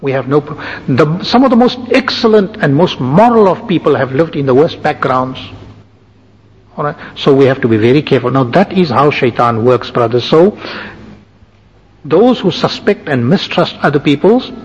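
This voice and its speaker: A man's voice: fairly high pitch, expressive, breathy edge. A man giving a sermon as a religious teacher, lecturing point by point with frequent asides. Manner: measured lecturing with lists and asides. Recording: lo-fi with long hall reverb.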